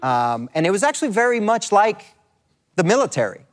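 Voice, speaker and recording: A man's voice: high voice, very animated, a little fast. A man, a comedian guest on a talk show, answering in a jokey, self-deprecating way. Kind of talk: casual interview chat. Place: TV studio.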